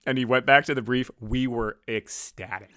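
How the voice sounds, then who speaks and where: A man co-hosting a podcast, telling stories in a casual, animated way and often slipping into other people's voices. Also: mid-range voice, moderate pace, no echo, clean studio sound. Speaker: podcast co-host. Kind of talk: casual storytelling chat.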